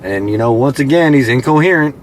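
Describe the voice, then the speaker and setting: A man's voice: medium pitch, lively intonation, brisk. A man who drives for a ride share service, telling stories casually with lots of fillers and quoting his passengers. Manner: conversational, many fillers, mimics passengers in quoted lines. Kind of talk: casual storytelling. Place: in a car.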